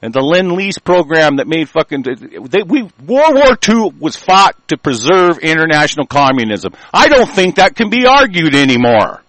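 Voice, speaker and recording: Older american man, angry profane rant, fairly high voice, dry close sound. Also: sing-song, normal speed, few pauses, no echo, low-quality recording. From United States. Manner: profane, ranting, swings from muttering to shouting; reads news aloud and comments on it. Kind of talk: angry monologue.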